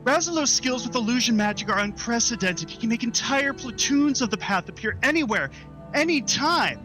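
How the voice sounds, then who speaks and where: A man's voice: very high voice, lively intonation, normal speed, sharp tone, faint music behind, pitched above the performer's own voice, heavily acted. A man voicing an eager, boastful male fey elf in a tabletop game. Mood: proud.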